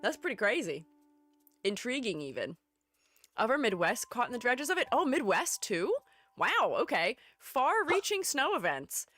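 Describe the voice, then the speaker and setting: A woman's voice: a little high, sing-song, moderate pace, fairly bright tone, soft background music. A young adult woman streaming live, chatting casually, reading chat messages aloud and laughing often. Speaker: streamer and art educator.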